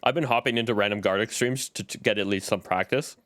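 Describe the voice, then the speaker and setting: A man's voice: lowish voice, fast, a bit bright. A man streaming live in casual chat, greeting viewers by name as he talks.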